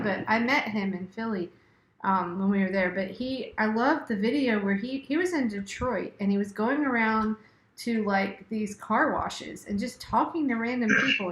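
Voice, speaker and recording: Chatty woman on an echoey call. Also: mid-range voice. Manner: chatty storyteller, many agreeing murmurs. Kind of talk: casual political chat. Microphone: video call.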